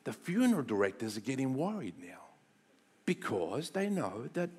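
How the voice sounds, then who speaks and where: A middle-aged man, preaching a sermon and telling a personal story in an animated way, dropping to hushed tones and rising to loud bursts. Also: medium pitch, moderate pace, slightly rough. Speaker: pastor.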